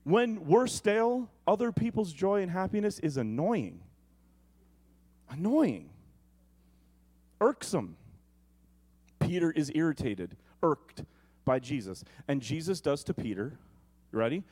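A man's voice: fairly high pitch, very animated, slow pace, pauses often, a little mellow. A male pastor preaching a sermon in a conversational way, with comic asides.

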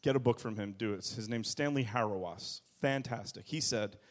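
A man preaching a sermon as pastor, moving between quiet low asides and loud, high bursts of emphasis. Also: moderate pace. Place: church.

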